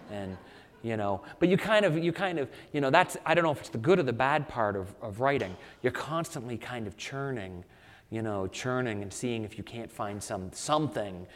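A man, an author being interviewed, telling animated anecdotes with lots of "you know" fillers. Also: on the low side, in a large hall, slight background noise. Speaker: author guest. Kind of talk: conversational storytelling.

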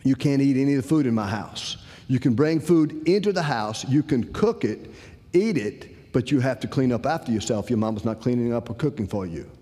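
Man quoting a stern dad, firm and deliberate, mid-pitched, long hall echo. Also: expressive, warm tone, natural voice. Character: stern middle-aged father laying down rules.

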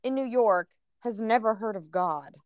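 A young woman co-hosting a podcast in casual chat, blunt and quick to disagree. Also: on the high side, no room sound, studio quality. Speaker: podcast co-host.

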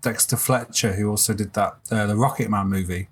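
A man co-hosting a casual podcast about sports films, easygoing and quick to agree. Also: lowish voice, steady tone, breathy edge. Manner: easygoing, agreeing, trailing sentences. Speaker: podcast co-host.

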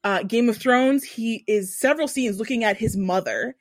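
A young woman chatting casually as a podcast host, telling an animated, profane story full of asides. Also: on the high side, moderate pace, dry recording, studio quality. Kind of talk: casual chat.

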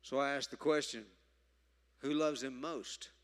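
A man preaching a sermon, emphatic, moving from loud stresses to quiet asides. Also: mid-range voice, steady tone, measured pace. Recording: reverberant hall.

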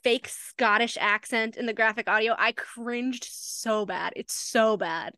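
A young woman co-hosts a podcast, talking in loose, lively chat. She swears freely and drops into quoted voices as she goes. Her voice sits fairly high and sounds dry and close. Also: measured pace, no room sound. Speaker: podcast co-host. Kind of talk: casual chat.

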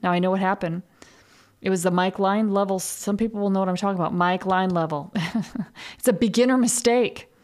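A woman's voice: medium pitch, fairly quick, a little mellow. A woman hosting a podcast, talking in a candid casual monologue, swearing freely and laughing at herself. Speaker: podcast host.

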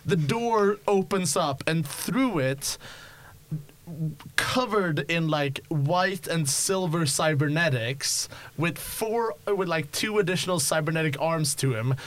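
A man's voice: fairly high pitch, slow, a bit bright. A young man narrating as game master of a tabletop game, rambling with many fillers and restarts. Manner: rambling, lots of likes and restarts.

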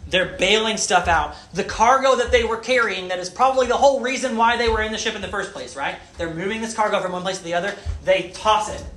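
Man preacher, high and bright voice, animated delivery full of questions to the crowd, echoey hall. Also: fast, few pauses. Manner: animated, asks the audience questions. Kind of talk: sermon. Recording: echoey room.

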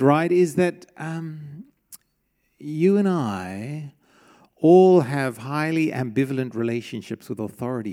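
A middle-aged man preaches a sermon in a church. His voice sits somewhat high for a man. He talks in a conversational way and keeps putting questions to the congregation. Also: vocal fry, warm tone. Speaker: pastor.

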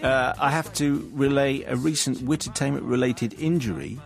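A man's voice: mid-range voice, normal speed, creaky, soft background music. A British man presenting a radio film show, reading listener emails in a dry, puzzled way.

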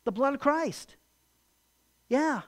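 A pastor delivering a sermon, emphatic and full of rhetorical questions, repeating key phrases and growing louder and higher to stress a point. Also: animated, takes it slowly.

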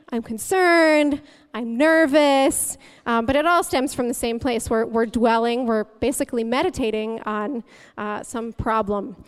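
Speaking in a slightly high voice, a young guest preacher delivers a sermon in a chatty, humorous way, frequently laughing as she goes.

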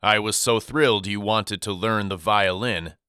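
A man voicing a gentle, loving middle-aged father who speaks softly. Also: lowish voice, fairly even intonation, a little slow, clean tone, no room sound, studio quality.

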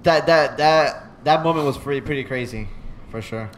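A man's voice: mid-range voice, normal speed, a little hiss or hum. A man in casual movie chat, blunt and swearing, often agreeing.

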